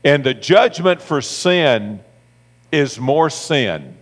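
Preaching pastor in an echoing hall. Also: male voice, medium pitch, very animated, drawn-out words. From United States. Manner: emphatic preaching, reads scripture aloud, repeats phrases. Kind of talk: sermon. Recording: long hall reverb with mains hum.

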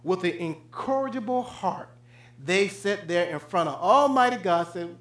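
Male pastor, high voice, dynamic sermon delivery from hushed to loud, echoey room. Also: expressive, moderate pace. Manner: swings from loud high preaching to low hushed tones.

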